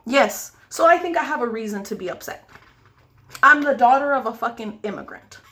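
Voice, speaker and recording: An American woman makeup vlogger rants angrily as she applies her makeup, swearing heavily and asking pleading questions. Her voice is on the high side, a bit bright, and expressive at a normal pace.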